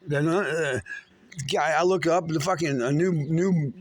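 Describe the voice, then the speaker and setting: A man telling his own story in an angry, rambling monologue, swearing often and stumbling through many restarts. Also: fairly high pitch. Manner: profane, agitated, halting with many restarts.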